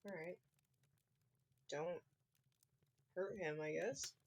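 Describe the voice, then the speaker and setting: A woman's voice: lowish voice, extremely slow, a little mellow, slight background noise. A woman player in casual chat during a tabletop game, easygoing and wry.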